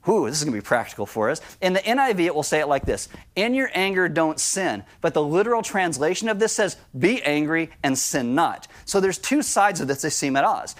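A man's voice: a little high, very animated, brisk, few pauses. A man preaching a sermon in a conversational style, breaking into acted-out asides. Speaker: pastor.

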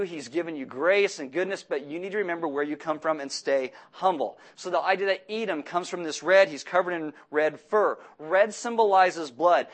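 A man giving a sermon, animated and jokey, mixing scripture reading with humorous asides. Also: fairly high pitch. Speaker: pastor.

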